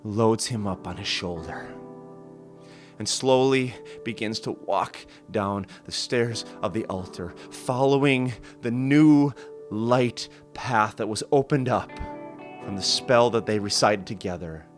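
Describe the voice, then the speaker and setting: A man narrating an improvised solo tabletop role-play session in a slow, dramatic storytelling manner. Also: on the low side. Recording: voice over background music.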